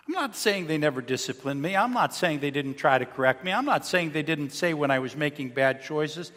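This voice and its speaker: A man preaches a sermon to a congregation, his fairly high voice rising into loud emphasis and then dropping to a near hush. The sound carries the long reverb of a church sanctuary. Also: expressive, fairly quick, hardly any pauses. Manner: dynamic preaching, swinging from loud emphasis to soft, hushed lines. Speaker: pastor.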